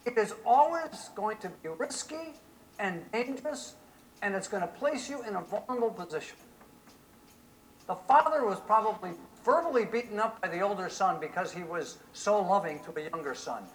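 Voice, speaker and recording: Animated preacher asking his church questions. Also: high-pitched, moderate pace, slight background noise, low-quality recording. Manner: animated, asks the congregation rhetorical questions. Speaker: pastor. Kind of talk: sermon.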